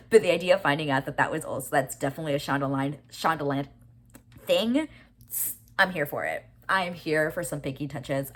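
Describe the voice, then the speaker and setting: A young woman recapping a TV episode in casual, profane, gushing chat with quick asides. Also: sits low, fairly bright tone. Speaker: reaction video host.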